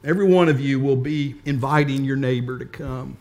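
A man's voice: mid-range voice, a little fast, a little mellow. An older man preaching a sermon as pastor, earnest and emphatic, with repeated phrases.

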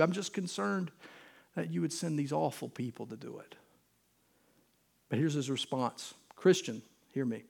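A male pastor preaching a sermon earnestly, moving between loud urgent stretches and quiet, intimate ones. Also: mid-range voice, gravelly.

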